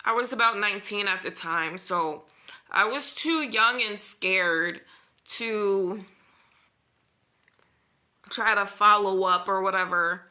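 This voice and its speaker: Give me a young woman with a bright, sharp tone, slowly telling a personal story. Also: medium pitch. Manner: animated retelling, acts out dialogue, filler-heavy.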